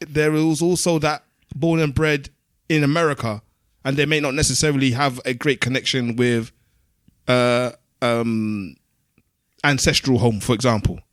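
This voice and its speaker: A man's voice: medium pitch, steady tone, moderate pace, fairly bright tone, no echo, clean studio sound. A man from Canterbury co-hosting a podcast, explaining his view in thoughtful casual chat. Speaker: podcast co-host.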